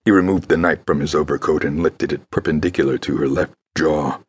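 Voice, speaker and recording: A man reading an audiobook in a measured, grave storytelling manner. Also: extremely low pitch, steady tone, slightly rough. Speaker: audiobook narrator. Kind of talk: scripted narration.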